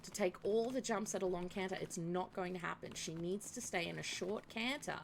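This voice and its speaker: A woman's voice: fairly low pitch, fairly quick, creaky, a little hiss or hum. A woman streamer commenting on a horse-riding game, who swears, groans and laughs at herself. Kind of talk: casual gameplay commentary.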